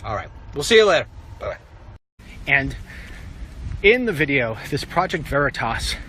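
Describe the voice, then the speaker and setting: A middle-aged man, a conservative radio host, rambles through an animated walk-and-talk vlog, telling stories and ranting. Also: mid-range voice, normal speed, slight background noise, low-quality recording. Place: outdoors, walking.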